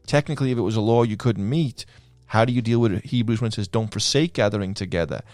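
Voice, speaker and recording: A man's voice: fairly low pitch, quick pace, dry recording. A man with a Liverpool accent, a podcast guest telling stories in casual conversation and acting out the lines of the people in them. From England. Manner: lively storyteller who acts out quoted lines. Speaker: guest, pro skater.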